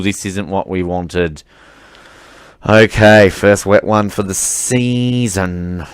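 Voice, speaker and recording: A man's voice: low-pitched, vocal fry, clear, resonant tone, no room sound. A young man giving rambling, self-mocking commentary while playing a racing game. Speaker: gaming commentator. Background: faint car engine noise.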